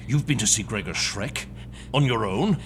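A man's voice: fairly low pitch, animated, moderate pace, a little hiss or hum, natural voice. An actor playing a worried, protective young man who asks urgent, anxious questions, in an audio drama.

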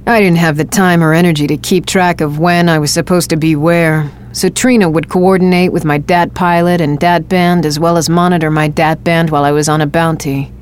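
Reading first-person narration for an audio drama, a woman uses a voice that is very low for a woman. Her even, steady storytelling is brisk with hardly any pauses, and there's a slight hiss or hum.

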